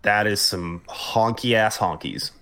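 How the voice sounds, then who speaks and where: Rambling, casual gaming podcast host. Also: male voice, fairly low pitch, takes it slowly, sharp tone. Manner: loose, rambling, swears casually. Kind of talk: casual chat. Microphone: home podcast mic.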